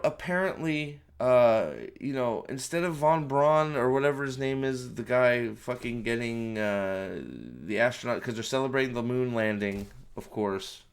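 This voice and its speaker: A man's voice: mid-range voice, smooth. A man giving a profane, exasperated movie review at home, ranting with many restarts and repeated words.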